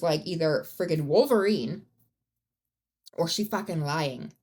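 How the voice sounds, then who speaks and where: A woman hosts a true-crime podcast in loose, chatty storytelling. Her voice sits low and has a gravelly, fry-heavy texture. She swears freely and talks bluntly, often rising into sudden outbursts. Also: darkish tone. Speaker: podcast host.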